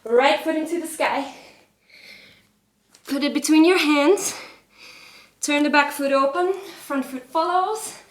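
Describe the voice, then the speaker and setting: A high-voiced woman leads a yoga flow while doing it herself, out of breath and encouraging. She speaks slowly and calmly between poses. The room has a roomy echo. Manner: encouraging, breathy cues with light laughter. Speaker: yoga instructor. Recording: echoey room.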